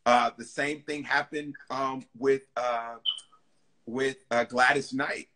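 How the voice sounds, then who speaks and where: A man, a singer being interviewed, chatting casually and telling lively stories. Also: mid-range voice, slow pace. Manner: lively storytelling, acting out other people's lines. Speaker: singer guest.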